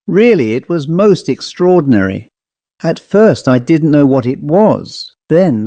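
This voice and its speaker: A man's voice: mid-range voice, warm tone, no echo, lightly acted. A man voicing a boastful, fanciful young male office clerk who talks in a sly, teasing way.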